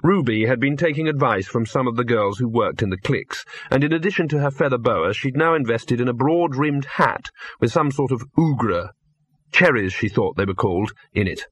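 A man narrates a comic fantasy audiobook in a measured, dry storytelling style. His mid-range voice is husky and expressive, with no room sound.

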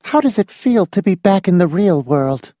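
A man voicing a prim, cold, matter-of-fact spinster woman in an audiobook, brisk and calmly bossy. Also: high voice, dry recording, clean studio sound, pitched above the performer's own voice. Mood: coolly brisk. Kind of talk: audiobook character voice.

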